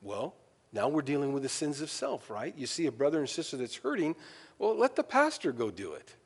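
Speaking a little fast in a husky voice, this preacher animates his sermon by performing small dialogues, his pitch leaping and swooping. He pokes fun at himself with folksy, down-to-earth humor, and his words echo at length as though through a big sanctuary.

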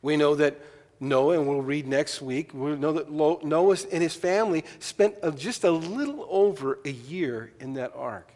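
Pastor preaching in a reverberant hall. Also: male voice, fairly high pitch, unhurried. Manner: storytelling, animated asides and quoted voices. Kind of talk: sermon.

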